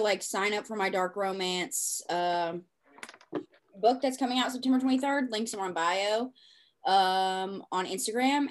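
A woman co-hosting a book podcast, chatting casually and bubbly with plenty of fillers. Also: medium pitch. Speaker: podcast co-host and author. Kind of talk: casual chat.

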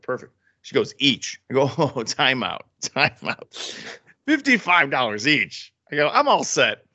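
A man's voice: medium pitch, a bit bright. A man co-hosting a casual sports podcast, telling rambling stories and swearing freely. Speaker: podcast co-host. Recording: dull lo-fi sound.

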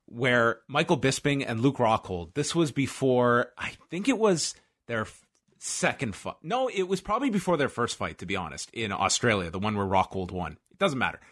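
A man co-hosts a podcast with loose, rambling, jokey storytelling. His voice sits at an ordinary middle pitch, and he talks in a relaxed, chatty way. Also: normal speed. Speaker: podcast co-host. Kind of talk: casual podcast chat.

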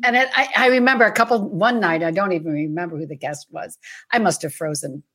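A woman's voice: fairly low pitch, quick pace. A woman co-hosting a casual online chat show, telling stories with frequent laughter. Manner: animated, laughing storyteller. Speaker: co-host.

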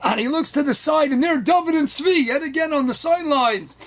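A man telling an inspirational story in an animated, emphatic way, sprinkling in Hebrew and Yiddish terms. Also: very high-pitched, a little fast. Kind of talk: inspirational story at a wedding celebration.

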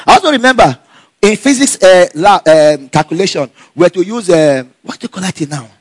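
A man telling a personal story in a casual, animated way, laughing often and acting out the dialogue. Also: high voice, a little fast, slightly rough, dry recording. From Nigeria.

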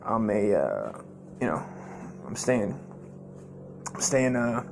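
A man's voice: fairly low pitch, wildly swooping pitch, takes it slowly, gravelly, a little mellow, slight background noise. A man hosting his own comedy podcast, telling profane, rambling stories full of fillers and restarts. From United States.

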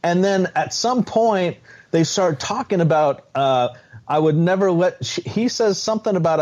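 A man co-hosting a podcast, talking in a halting, restarting way about a reality show episode. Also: high voice, darkish tone. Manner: halting, many restarts and fillers. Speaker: podcast co-host. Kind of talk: casual chat. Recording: dull, muffled audio.

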